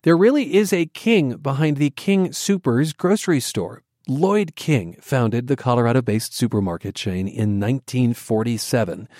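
A man hosting a radio interview, asking calm, curious questions and introducing segments. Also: medium pitch, normal speed, few pauses, dry recording, clean studio sound. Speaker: radio host.

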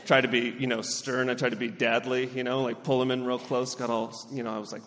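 A man's voice: mid-range voice, little pitch movement, normal speed. A man in his thirties from Southern California doing a stand-up set, acting out voices and laughing through his punchlines. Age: 30s. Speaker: stand-up comedian, then guest. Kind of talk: stand-up comedy set, then casual interview chat. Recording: hall reverb, faint background noise.

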